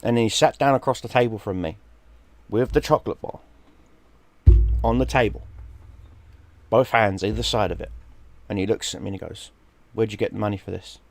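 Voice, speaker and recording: A middle-aged man tells a story in a fairly low voice. He swears freely and acts out the people in it. The sound is dry and close. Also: quick pace, vocal fry, no echo. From London, England. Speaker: streamer. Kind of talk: casual storytelling.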